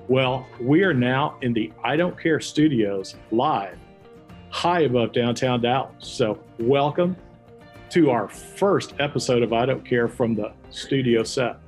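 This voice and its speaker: A man's voice: medium pitch, a little mellow. A middle-aged man with a Texas accent hosting an interview show, chatty and folksy with lots of fillers. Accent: Texan. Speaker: podcast host.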